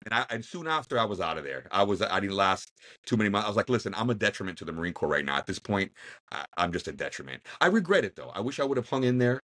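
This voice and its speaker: A man hosting an interview, a veteran sharing his own story in quick, lively talk with many restarts. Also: lowish voice. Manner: quick, lively, repeats words in starts. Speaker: podcast host, veteran. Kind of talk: casual interview chat.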